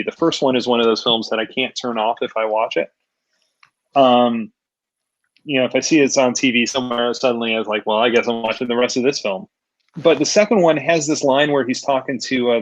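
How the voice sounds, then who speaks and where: A male host in relaxed conversation, his voice dry and close with a slightly muffled, dull tone. He speaks in an enthusiastic, opinionated way and keeps a mid-range pitch. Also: dry recording. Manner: enthusiastic, opinionated movie talk. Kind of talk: casual chat.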